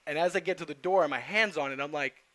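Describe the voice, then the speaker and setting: A young man from New Jersey telling a personal story in an animated, profane way, acting out the dialogue. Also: on the high side, fast, dry recording. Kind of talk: casual storytelling.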